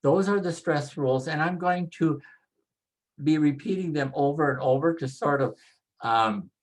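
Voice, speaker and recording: A man's voice: on the high side, poor audio. A man teaching pronunciation rules in a patient lesson, saying each example word twice. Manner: slow, patient, repeats example words. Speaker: instructor.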